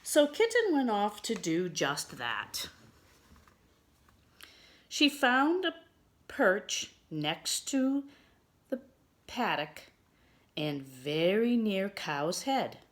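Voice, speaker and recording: Lady reading a kids' picture book out loud, super slow, lots of swoops in her voice. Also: mid-range voice. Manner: expressive, slow, asides to children. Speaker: children's storyteller. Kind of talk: picture book read-aloud.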